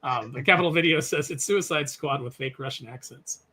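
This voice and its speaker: A man on a podcast panel in casual chat, ranting with sarcastic, animated energy. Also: medium pitch, a little fast, slightly rough.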